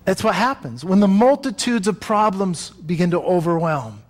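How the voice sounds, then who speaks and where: Conversational preacher, slightly high voice. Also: male voice, lively intonation, normal speed, few pauses. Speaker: pastor. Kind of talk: sermon.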